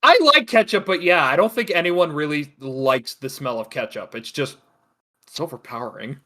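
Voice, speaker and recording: A man's voice: medium pitch, normal speed, a bit bright. A man co-hosting a casual group podcast, joking around with his friends. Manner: joking, laughs between lines. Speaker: podcast co-host.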